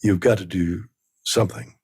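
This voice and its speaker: A man in his nineties from Canada, a guest in a casual interview, talking haltingly and repeating words as he searches for phrasing. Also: low-pitched, steady tone, a little mellow, breathy edge, no echo, clean studio sound. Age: 90s.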